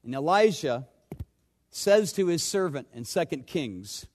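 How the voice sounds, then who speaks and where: Preacher man swinging loud to hushed. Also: very animated, measured pace, a little hiss or hum. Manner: dramatic swings between loud urgent questions and hushed low asides. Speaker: pastor. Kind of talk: sermon.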